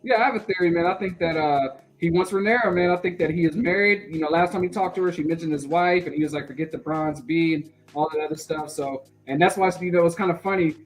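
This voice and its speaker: A man's voice: on the high side, quick pace, hardly any pauses, soft background music, low-quality recording. A man co-hosting a podcast, chatting casually and arguing his theories, often adding "man". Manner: casual, argumentative, says "man" a lot. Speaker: podcast co-host. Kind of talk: casual chat.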